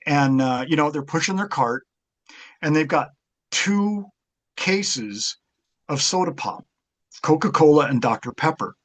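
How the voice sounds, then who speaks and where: A man's voice: on the high side, lively intonation, unhurried, pauses often. A man, a guest martial arts author, chatting casually in an interview and rambling through stories with many fillers and restarts.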